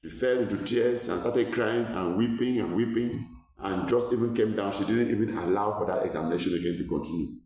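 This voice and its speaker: A man's voice: fairly low pitch, brisk, a little mellow, far from the mic. A man from Cameroon, a doctor giving an earnest health talk to viewers, repeating words as he searches for them and rising when he stresses a point. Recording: echoey room, voice from off-mic.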